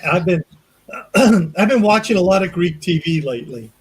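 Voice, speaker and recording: A man's voice: sits high, expressive, moderate pace, slightly rough, rough recording. A man hosting an interview show, asking friendly, rambling questions full of fillers. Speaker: show host. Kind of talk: casual interview chat.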